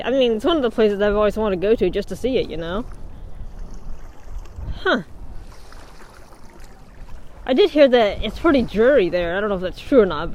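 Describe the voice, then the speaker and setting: A livestreamer with a medium-pitched, slightly mellow voice chats casually on a winter beach, laughing often and responding to viewer comments. The sound is lo-fi, with wind noise, and the mic is worn while bundled in a hood.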